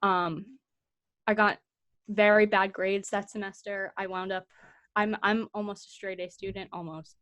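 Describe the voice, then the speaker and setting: A woman's voice: mid-range voice, level tone, unhurried, fairly bright tone, highs cut off. A young woman in her twenties co-hosting a podcast, talking casually and reflectively, getting teary and laughing through it. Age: 20s. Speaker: podcast co-host.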